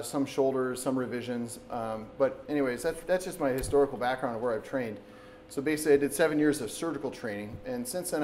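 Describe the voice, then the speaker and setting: A man's voice: medium pitch, a little mellow, poor audio. A man in his thirties from Wisconsin talks an audience through knee surgery in a loose, conversational lecture, often restarting his sentences. His voice sits in a middle register. Faint background noise fills the meeting room. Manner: conversational, with frequent restarts and "so basically". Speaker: orthopedic surgeon giving a public talk. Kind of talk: informal public lecture. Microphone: camera recording in the room.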